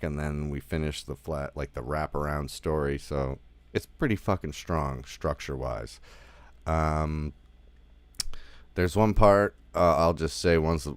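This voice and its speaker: A man's voice: a bass voice, no room sound. A man giving a casual spoken film review, rambling with lots of fillers like "like" and "you know", and swearing now and then.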